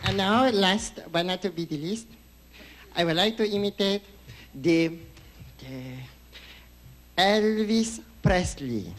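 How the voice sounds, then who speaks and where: A man putting on a timid foreign man who speaks in halting broken phrases with hesitant pauses, as a stand-up character act. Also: sits high, over a noisy crowd. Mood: shy. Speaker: comedian. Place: TV studio stage before an audience. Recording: live stage audio with audience noise.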